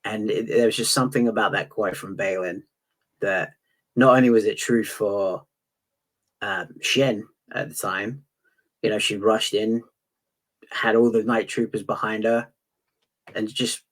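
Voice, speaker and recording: A man's voice: on the low side, steady tone, measured pace, long pauses, fairly bright tone. A man co-hosting a fan podcast, speaking casually and thinking aloud as he goes. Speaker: podcast co-host.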